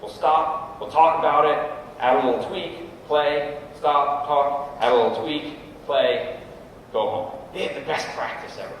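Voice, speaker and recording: A man's voice: on the high side, steady tone, a little slow, a little hiss or hum. A middle-aged man giving an informal talk to a group of coaches, often checking in with the audience. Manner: conversational, often adds "right?" to check in with the room. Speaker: guest speaker at a coaches' meeting. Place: large room at a meeting. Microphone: camera at a distance. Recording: echoey hall recorded from far off.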